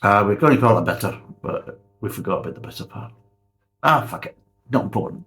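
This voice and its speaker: A man's voice: on the low side, lively intonation, a little fast, fairly bright tone, soft background music. A man, reviewing a beer in a blunt, sarcastic way and swearing freely. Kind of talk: casual spoken review.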